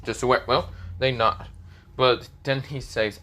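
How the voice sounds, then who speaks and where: A man's voice: mid-range voice, steady tone, slow, pushed and bright. A man narrating a fan story casually, rambling with many fillers and restarts. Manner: rambling, filler-heavy, hesitant.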